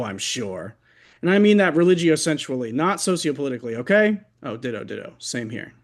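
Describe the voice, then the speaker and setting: A man with a fairly high voice reads his own fiction aloud over a video call. His reading is wry and deliberate, and his lines often trail off low at the end. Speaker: reader at an open mic.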